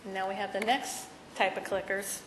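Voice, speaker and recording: A woman presenting at a conference. She speaks in a middle-pitched voice and often stops to restart a thought. The hall echoes around her, and a faint hiss sits under the recording. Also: steady tone. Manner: halting, with many restarts and fillers. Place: conference session room.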